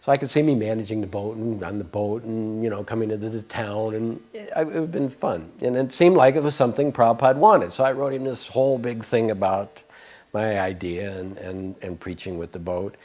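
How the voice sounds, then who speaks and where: A man's voice: fairly low pitch, fairly quick, a little mellow. A man in his sixties telling a long personal story from his past in an interview, meandering and self-interrupting, with frank asides. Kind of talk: reminiscing anecdotal storytelling.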